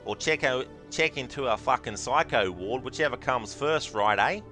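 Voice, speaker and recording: A man's voice: mid-range voice, expressive, normal speed, pushed and bright, soft background music, pitched above the performer's own voice. A man playing a brash, swaggering male hero in an exaggerated Australian accent, swearing crudely. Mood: mocking.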